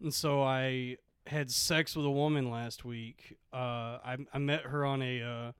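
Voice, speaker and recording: A man on a comedy podcast telling a story in a halting, deadpan way, full of fillers. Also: mid-range voice, clear, resonant tone, no echo, clean studio sound. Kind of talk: casual storytelling chat.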